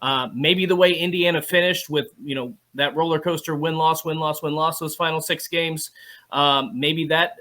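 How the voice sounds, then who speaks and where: A man's voice: fairly high pitch, fairly even intonation, normal speed, pushed and bright. A male radio co-host on a sports talk show, laying out his questions and views at length.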